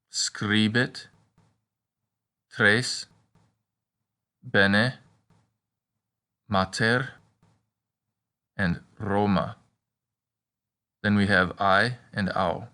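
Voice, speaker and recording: A man teaching in a measured instructional voice, slowly modeling example words. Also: on the low side, pushed and bright. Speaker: language teacher. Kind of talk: instructional narration.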